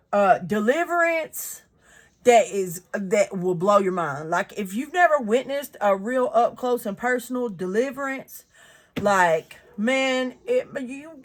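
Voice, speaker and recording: A woman's voice: a little high, lively intonation, unhurried. A woman, reading the Bible aloud and reflecting on it in a chatty, earnest way with many fillers.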